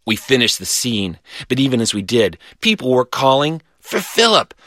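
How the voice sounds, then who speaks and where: A man reading a children's story aloud in a lively, animated way. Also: medium pitch, moderate pace, few pauses, no room sound, studio quality.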